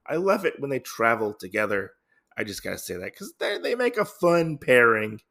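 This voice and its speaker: Gravelly man rambling through a comic recap. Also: mid-range voice, very animated, moderate pace, a bit bright. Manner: rambling, lots of fillers and restarts. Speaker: podcast host. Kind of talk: casual comic book recap.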